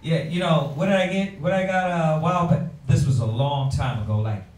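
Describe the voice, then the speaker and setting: A man speaking to a Bible class in a drawn-out, playful way, acting out quotes. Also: fairly high pitch, a little mellow. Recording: echoey room, mic far off.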